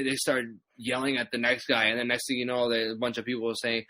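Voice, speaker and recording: Laid-back wrestler telling stories. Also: male voice, mid-range voice, little pitch movement, fast talker, bright, forceful tone, dry recording. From Chicago area, USA. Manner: laid-back storytelling, acts out voices of fans. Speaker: pro wrestler guest. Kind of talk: casual podcast chat.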